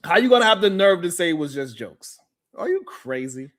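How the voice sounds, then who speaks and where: A man's voice: high-pitched, very animated, brisk, a bit bright. A man hosting a heated panel debate, blunt and incredulous, often breaking into laughter. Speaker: host.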